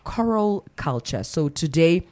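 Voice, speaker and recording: Woman radio host, very low voice, chatty morning-show delivery with self-corrections. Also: expressive, unhurried, a little mellow. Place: radio studio.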